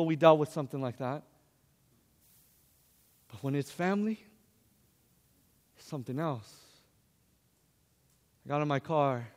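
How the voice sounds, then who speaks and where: A man's voice: a little high, long reverb tail. A male preacher telling a personal story in an emotional sermon, addressing the congregation.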